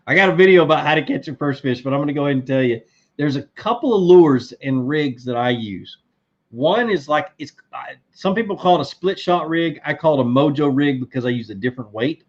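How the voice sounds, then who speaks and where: A man's voice: on the high side, brisk, lo-fi sound. Rambling man hosting a fishing livestream. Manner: rambling, relaxed, lots of fillers and restarts. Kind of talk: casual live Q&A chat.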